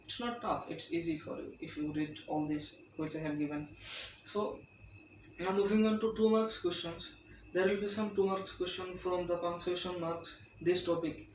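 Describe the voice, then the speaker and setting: A man's voice: high voice, fairly even intonation, moderate pace. A male tutor giving an exam-prep lecture, reading questions aloud and reassuring students in a repetitive way. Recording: roomy, distant mic with loud insect noise.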